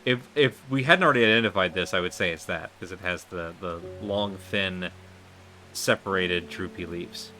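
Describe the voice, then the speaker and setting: A man's voice: low-pitched, normal speed, sharp tone, faint music behind. A man streaming a game live, thinking aloud and asking his viewers what to do next. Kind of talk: live gameplay commentary.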